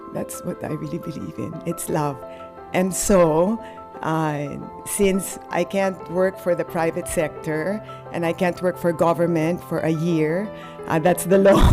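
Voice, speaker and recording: A Filipino woman in her sixties giving an acceptance speech, halting and earnest, with frequent fillers and restarts. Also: on the low side, darkish tone. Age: 60s. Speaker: award recipient.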